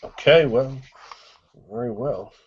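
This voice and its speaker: A man running a tabletop horror game as game master, setting scenes slowly and darkly. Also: mid-range voice, a little mellow, breathy edge. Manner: slow, brooding scene-setting. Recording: dull lo-fi recording.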